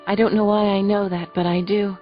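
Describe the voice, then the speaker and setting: Brief: woman voicing a hushed, wondering young mother, soft and breathless, on dull lo-fi audio with faint music. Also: medium pitch, little pitch movement, brisk, close to an everyday voice.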